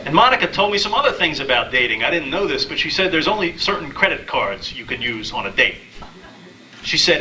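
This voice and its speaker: A man in his thirties doing a stand-up comedy set, telling dating stories deadpan and acting out the quotes. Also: on the high side, a little fast, recorded from a distance, a little hiss or hum, rough recording. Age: 30s. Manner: deadpan storytelling with acted-out quotes. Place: small live comedy venue.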